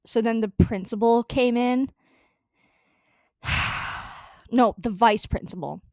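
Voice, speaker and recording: A woman's voice: fairly high pitch, slow, pauses often, darkish tone, dry recording, studio quality. A young woman telling a story in a casual, rambling way, full of fillers, restarts and swearing. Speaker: storytelling vlogger.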